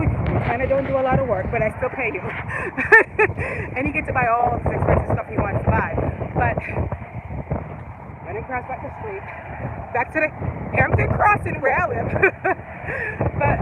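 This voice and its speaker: A woman's voice: high-pitched, lively intonation, normal speed, long pauses. A woman in her forties with a Jamaican accent, chatting casually and rambling on a live stream while she walks outdoors, laughing often. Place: outdoors on a residential street. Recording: outdoor street noise with passing traffic.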